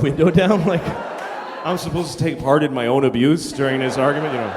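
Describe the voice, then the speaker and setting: A middle-aged man performing a stand-up comedy set on a theater stage, telling an exasperated story and acting out shouting characters. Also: a little high, quick pace, background noise. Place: large theater stage before a live audience. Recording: reverberant theater, loud crowd laughter. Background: audience laughter.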